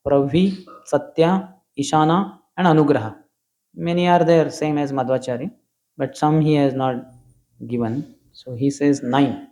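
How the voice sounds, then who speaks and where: A man's voice: on the high side, darkish tone. Indian man giving a scripture class. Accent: Indian English. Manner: humorous, explanatory, mixes in Hindi asides.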